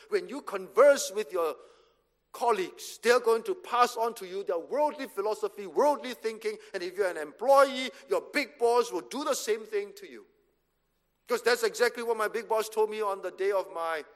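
Short commands, said again and again, carry this man's sermon as he preaches as pastor. His voice sits high with a fairly bright tone, and the church hall setting gives the recording a reverberant quality.

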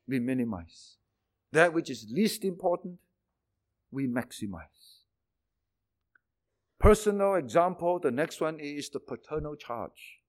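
High-voiced man preaching a sermon. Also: fairly bright tone. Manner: emphatic, with rhetorical questions and repetition.

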